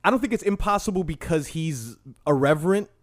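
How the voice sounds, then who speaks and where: A young man co-hosting a podcast in casual, argumentative chat, swinging between loud and soft. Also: a little high, animated, fairly quick. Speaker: podcast co-host.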